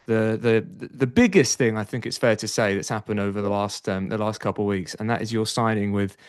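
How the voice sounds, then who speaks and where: A man's voice: on the low side, fairly quick, smooth, dry recording, clean studio sound. A man hosting a podcast, chatting energetically with frequent fillers. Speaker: podcast host. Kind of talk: casual podcast interview.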